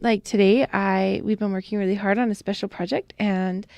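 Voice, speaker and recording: A woman's voice: mid-range voice, fairly even intonation, normal speed, gravelly, darkish tone, dry recording. A woman podcast co-host chatting casually, reacting supportively and laughing along. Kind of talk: casual chat.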